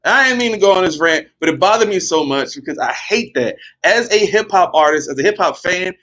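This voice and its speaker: A man's voice: high voice, lively intonation, a little fast, a bit bright, dull audio. A man on a wrestling podcast, ranting in casual chat, blunt and profane and exasperated.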